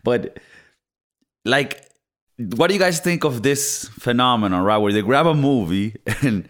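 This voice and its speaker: A man co-hosting a casual movie review podcast, talking in an animated way with swearing and mock voices. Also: mid-range voice, measured pace. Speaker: podcast co-host.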